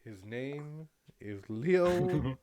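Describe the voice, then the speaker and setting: Brief: casual male game master, lively pitch swings, swears freely. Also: very slow. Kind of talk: narrating a tabletop game.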